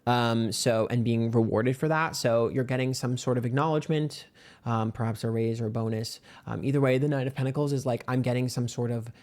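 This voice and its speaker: A man giving a casual tarot card reading. He is brash, sassy and profane, and his pitch jumps up suddenly for emphasis. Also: fairly even intonation, fairly quick, darkish tone. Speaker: tarot reader.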